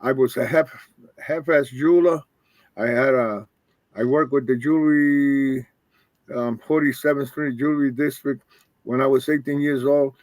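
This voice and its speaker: A man's voice: medium pitch, dry recording. Older man, rambling storyteller. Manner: rambling, acts out quoted dialogue. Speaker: guest, retired wrestler. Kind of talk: casual storytelling.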